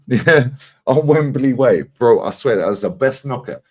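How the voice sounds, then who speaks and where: A man's voice: mid-range voice, a little slow. A man hosting a casual live chat, telling stories with lots of swearing. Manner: animated, swearing storyteller. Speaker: channel host.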